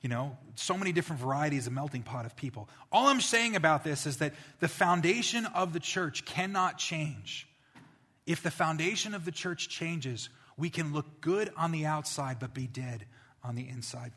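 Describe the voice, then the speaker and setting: Husky-voiced male pastor in a reverberant hall. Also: a little high, normal speed. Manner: storytelling, animated when quoting others. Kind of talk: sermon.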